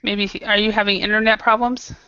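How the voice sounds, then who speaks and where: A woman's voice: mid-range voice, level tone, fast, sharp tone, clear, resonant tone, dry recording. A woman teaching an online English class, patiently modelling pronunciation over a video call. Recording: dull lo-fi video call audio.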